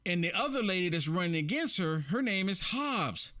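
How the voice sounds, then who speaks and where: Animated high-voiced man commenting. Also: moderate pace. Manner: animated, laughs often, repeats himself. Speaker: political commentary host. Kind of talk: casual political commentary.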